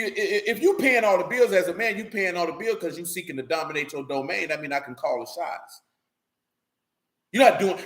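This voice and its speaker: Blunt and casual, a preacher with a high-set, slightly bright voice delivers a streetwise sermon and keeps checking that his audience follows along. The recording carries a roomy echo.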